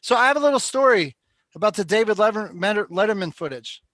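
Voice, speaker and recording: A man's voice: high voice, expressive, quick pace, a bit bright, no echo. A man hosting a live call-in show, chatting casually and telling rambling stories. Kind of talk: casual chat.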